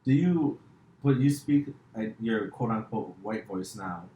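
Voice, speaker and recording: A man's voice: fairly low pitch, expressive, unhurried, mellow, muffled recording, a little hiss or hum. A man hosting a podcast, chatting loosely and rambling with many fillers and restarts. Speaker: podcast host, comedian. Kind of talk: casual chat. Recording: echoey room.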